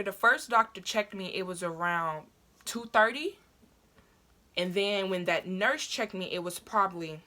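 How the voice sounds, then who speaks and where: A young woman speaks in a bright, forceful tone at a middle pitch. She tells a personal story casually and with lots of life, swearing freely. She often jumps up high to act out what she said back then. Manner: animated, profane, acts out her own past lines in high cries. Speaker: vlogger.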